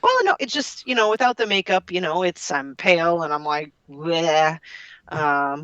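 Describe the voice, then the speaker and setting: A woman's voice: on the low side, animated, normal speed, fairly bright tone, smooth, dry recording, lo-fi sound. A woman co-hosting a casual podcast, a bit under the weather, chatting in a loose, rambling way and laughing easily. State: a bit sick. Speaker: podcast co-host.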